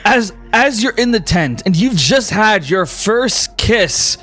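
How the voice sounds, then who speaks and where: A young man narrating a tabletop game as game master, telling the story in an animated way and chuckling now and then. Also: sits high, slow, soft background music.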